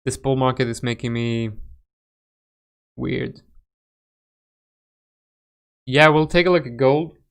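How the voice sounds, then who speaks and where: A man's voice: mid-range voice, slow, gravelly, pauses often, smooth. A young Swedish man with a Swedish accent hosting a casual crypto trading livestream, chatting loosely with viewers and often restarting his sentences. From Sweden. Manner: chatty, reacts to chat, frequent fillers and restarts. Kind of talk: casual live chart analysis.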